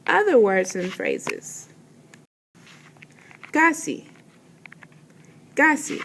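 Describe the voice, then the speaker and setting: Woman teacher going real slow, a bit high, saying each word twice. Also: wildly swooping pitch, fairly bright tone, a little hiss or hum. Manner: slow, careful pronunciation with words repeated twice. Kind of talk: vocabulary pronunciation lesson.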